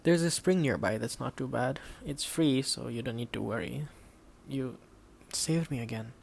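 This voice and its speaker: A man reading an audiobook in a steady, measured way, voicing the dialogue quietly. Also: medium pitch, creaky, a little hiss or hum. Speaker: audiobook narrator. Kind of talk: scripted audiobook narration.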